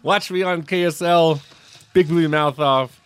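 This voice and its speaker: A man's voice: on the high side, steady tone, measured pace, a bit bright, smooth. A man appearing as a podcast guest, cracking jokes in casual banter. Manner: wisecracking.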